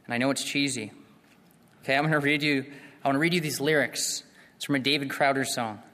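A man's voice: medium pitch, steady tone, fast, fairly bright tone. A man preaching an evangelistic sermon, earnest and repeating himself, rising into impassioned appeals. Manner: repeats and restarts phrases. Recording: long reverb of a hall.

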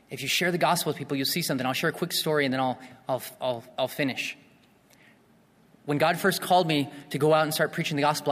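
A man's voice: a little high, a bit bright. An earnest man preaches with a slightly raised voice, often restarting and repeating his phrases. He swells into impassioned calls to the listeners. His voice rings with the long reverb of a hall. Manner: earnest, builds to impassioned appeals. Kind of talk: evangelistic sermon.

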